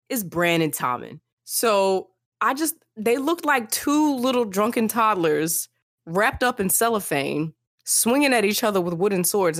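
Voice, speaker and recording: A young woman co-hosting a casual book-discussion podcast, talking in an animated way and acting out characters in playful voices. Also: medium pitch, no echo, studio quality. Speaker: podcast co-host.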